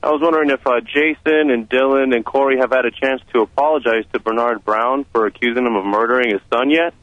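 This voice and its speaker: A man from Texas calling in to a radio show, asking a question in a hesitant, halting way. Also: medium pitch, a bit bright, no room sound. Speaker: caller. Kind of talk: call-in question. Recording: dull muffled phone-in line.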